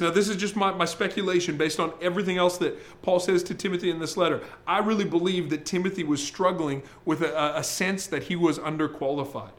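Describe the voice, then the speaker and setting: A man preaching a sermon as pastor, in a conversational, emphatic way, slowing to read scripture. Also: high voice. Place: church service, streamed.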